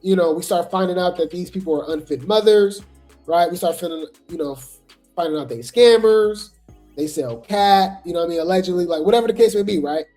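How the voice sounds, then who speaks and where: A host giving casual gossip commentary on reality TV, talking chattily and filling pauses with "right?" and "you know". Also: mid-range voice, warm tone, faint music behind. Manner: chatty, full of fillers and "right?" asides.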